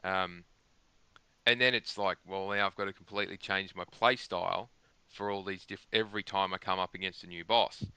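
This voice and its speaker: A man's voice: deep voice, steady tone, normal speed, bright, forceful tone, clean tone, no echo. A man talking at length on a gaming podcast, rambling and emphatic, restarting his sentences often. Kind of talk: casual chat.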